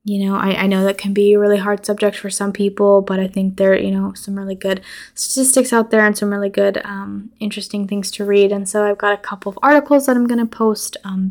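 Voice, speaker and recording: A woman hosts her own podcast and retells a horror film's ending in a loose, chatty way. Her voice has a gravelly fry at mid pitch, and she swears freely and acts out the characters' lines in quick bursts. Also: darkish tone. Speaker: podcast host. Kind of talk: casual movie recap.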